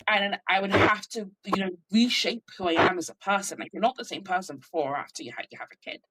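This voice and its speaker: A woman's voice: mid-range voice, fast talker, few pauses, very noisy. Woman talking reflectively in an interview. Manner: reflective, hesitant, lots of fillers. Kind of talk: casual interview talk.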